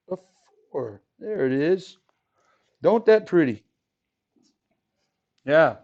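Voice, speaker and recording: Joking math teacher talking to a class. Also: male voice, a little high, darkish tone. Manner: casual, jokey, asks the class questions. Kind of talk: classroom lesson. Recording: dull lo-fi classroom recording.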